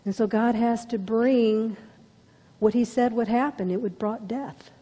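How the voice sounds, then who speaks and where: A woman's voice: on the high side, fairly even intonation, a little slow, mellow, husky, long reverb tail. A woman preaching a sermon with dramatic storytelling, dropping to whispers for emphasis. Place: church.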